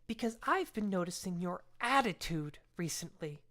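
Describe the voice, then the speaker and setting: Woman voicing a gruff bossy police captain. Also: on the low side, lively intonation, moderate pace, fairly bright tone. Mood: scolding. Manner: blunt, commanding orders.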